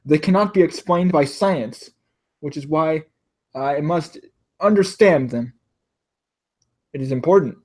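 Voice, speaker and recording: A man's voice: on the high side, unhurried, long pauses, darkish tone. A man doing a rambling, fussy teacher. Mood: earnest. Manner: hesitant, full of uhs.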